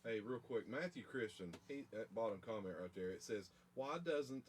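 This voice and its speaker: A man's voice: on the low side, brisk. A man from Southern Ohio with a Southern Ohio accent, co-hosting a casual podcast interview in a friendly, agreeable way. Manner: friendly, agreeable, frequent laughs and short backchannels. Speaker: podcast co-host.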